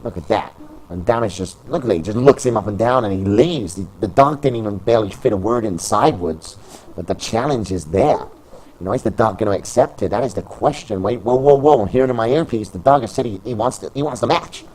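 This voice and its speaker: Excitable low-voiced wrestling commentator, man. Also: brisk, slight background noise, rough recording. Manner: shouts names over and over in bursts of excitement.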